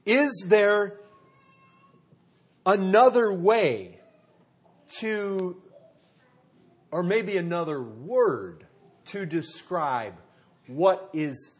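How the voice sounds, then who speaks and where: A man preaching a sermon in a conversational way, asking his listeners rhetorical questions and calling them folks, often dropping low and quiet to stress a point. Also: animated, extremely slow, pauses often. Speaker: pastor.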